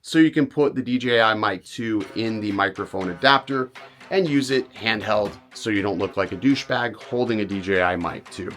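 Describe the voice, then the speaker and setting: A man's voice: fairly low pitch, moderate pace, a bit bright, faint music behind. A man talking casually about his gear, recorded on a small camera's onboard mic, his voice a little worn. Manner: casual, direct, a bit blunt. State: losing his voice. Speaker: vlogger, real estate photographer.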